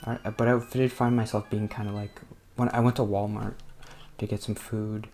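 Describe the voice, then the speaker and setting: A man's voice: lowish voice, little pitch movement, moderate pace, dark tone, faint music behind. A man from New Jersey giving casual, rambling gameplay commentary, hesitant and full of fillers, muttering to himself at the game. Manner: rambling and hesitant, with many fillers and self-interruptions; mutters at the game under his breath. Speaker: let's play host.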